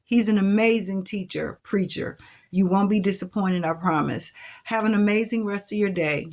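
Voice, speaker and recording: A middle-aged woman speaks straight to camera. She recounts her past in a reflective, emotional way, with sighs and restarts. Her voice sits at a typical pitch for a woman. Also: moderate pace, a little mellow. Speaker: vlogger telling her life story. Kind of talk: personal storytelling to camera. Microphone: camera mic.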